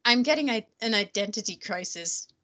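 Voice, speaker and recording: A woman's voice: mid-range voice, lively intonation, moderate pace, bright, forceful tone. A woman from Germany, a native German speaker, telling stories in casual English chat with a slight German accent and frequent laughter. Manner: chatty storyteller, laughs often.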